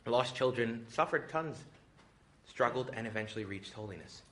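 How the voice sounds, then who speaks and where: A man, a priest, giving a retreat talk, joking and lively, often acting out little voices. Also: medium pitch, normal speed. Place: retreat hall with audience.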